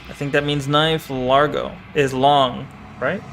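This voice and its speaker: A man's voice: medium pitch, little pitch movement, measured pace, a bit bright, a little hiss or hum. A young man streaming a game, playfully commenting and chatting with his viewers. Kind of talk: live gameplay commentary.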